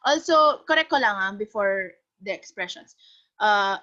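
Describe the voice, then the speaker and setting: Leading an online class over a video call, a woman teacher encouragingly and animatedly coaxes her students to speak up. Her voice is medium-pitched at a moderate pace, and the audio is muffled and lo-fi.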